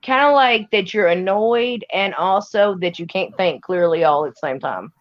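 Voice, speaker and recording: A woman's voice: medium pitch, moderate pace, highs cut off. A woman with a Tennessee Southern accent chatting on a video call, folksy with dry humor. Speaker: livestream guest. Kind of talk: casual chat.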